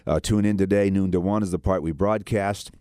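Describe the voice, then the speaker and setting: A man with a very low voice hosts a radio talk show, rambling earnestly and restarting his sentences often. The studio sound is dry and close. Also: steady tone, brisk, warm tone, clean tone, no echo.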